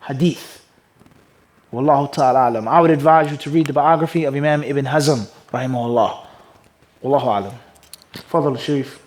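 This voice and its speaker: A man teaching an Islamic class and answering questions. He keeps pausing to ask the class "what?" so they fill in the word, and swings from loud emphasis to quiet asides. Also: medium pitch, poor audio. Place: classroom with a live audience.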